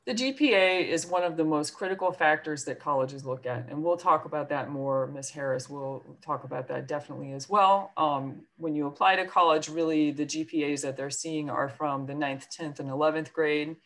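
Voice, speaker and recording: A woman's voice: deep voice, normal speed, few pauses. A woman school counselor with a New York accent, giving a chatty presentation to parents on a video call with many fillers and self-deprecating asides.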